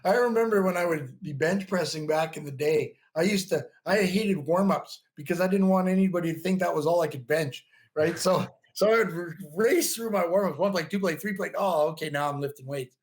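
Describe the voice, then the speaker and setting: His voice sits high and moves fairly quickly with few pauses as this fifty-something bodybuilding coach tells stories on a podcast. The casual interview talk is chatty and animated, sprinkled with "you know" and regular laughter.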